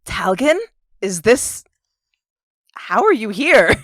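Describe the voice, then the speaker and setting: A woman's voice: medium pitch, sing-song, slow, fairly bright tone, dry recording. A woman player in a tabletop game, speaking earnestly and insistently in character. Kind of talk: tabletop role-play.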